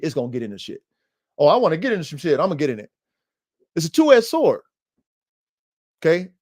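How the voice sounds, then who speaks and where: A man's voice: medium pitch, darkish tone. A man hosting a dog podcast, talking casually and animatedly in slang, calling listeners family and bro. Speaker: podcast host and dog trainer.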